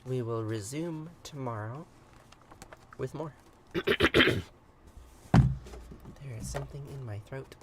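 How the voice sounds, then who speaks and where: A man hosting a morning livestream, reading an old myth aloud and chatting with viewers, hesitant with many ums and quick to chuckle. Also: medium pitch, very noisy. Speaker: livestream ritual host. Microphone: livestream computer mic.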